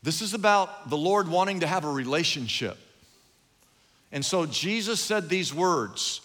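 Male pastor, animated and emphatic, high, bright voice, reverberant church. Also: moderate pace. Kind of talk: sermon. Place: large church hall. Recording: long hall reverb.

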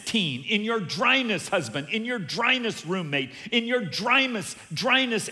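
A male pastor preaching a sermon, animated and humorous, acting out the voices of the people he quotes. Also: high-pitched. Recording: long hall reverb.

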